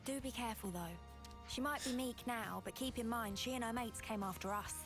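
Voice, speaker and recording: An actress voicing a cautious young woman in a video game, speaking in a measured, warning tone. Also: on the high side, music in the background, close to an everyday voice.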